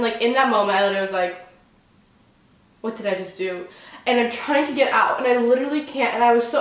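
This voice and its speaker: A young woman telling a story on her vlog in a casual, excitable way, filling almost every phrase with "like". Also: on the high side. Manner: chatty, fills every phrase with "like"; excitable, dramatic retelling. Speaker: vlogger. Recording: very echoey room, mic at a distance.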